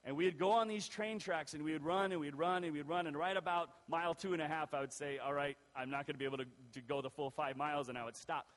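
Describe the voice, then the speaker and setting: A male pastor telling a personal story in a sermon, lively and acting out the voices of the people in it. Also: a little high, fast, hardly any pauses. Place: church. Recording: long reverb of a church hall.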